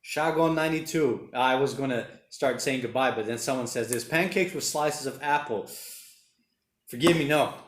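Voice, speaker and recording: A man's voice: mid-range voice, moderate pace. Chatty man in echoey room. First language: Portuguese. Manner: rambling, chatty, reads viewer comments aloud. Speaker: livestream host reading chat. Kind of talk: casual livestream chat. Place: home room during lockdown.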